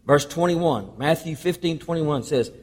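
A male pastor preaching a sermon, with emphatic delivery that swings between loud stresses and hushed, drawn-out phrases. He often addresses the congregation as beloved. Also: on the high side, husky, big-room sound.

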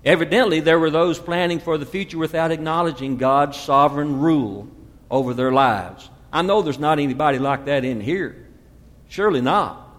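A man in his fifties preaching a sermon, sweeping from loud emphasis to hushed asides. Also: fairly high pitch, normal speed, in a large hall. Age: 50s. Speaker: pastor.

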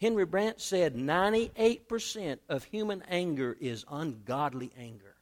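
A male pastor preaching a sermon, animated and repeating phrases for emphasis. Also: fairly high pitch, measured pace.

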